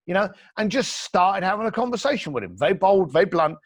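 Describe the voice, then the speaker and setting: A man's voice: sits high, big pitch swings, fast, no echo, studio quality. A man being interviewed on a podcast, telling stories and giving blunt advice while acting out quoted dialogue. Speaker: entrepreneur guest. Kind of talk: animated storytelling advice.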